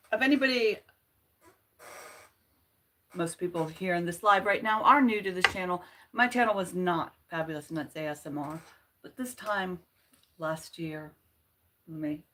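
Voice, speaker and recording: A woman's voice: fairly low pitch, fairly bright tone. A woman hosting a casual livestream, chatting playfully and laughing at her own jokes. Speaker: channel host.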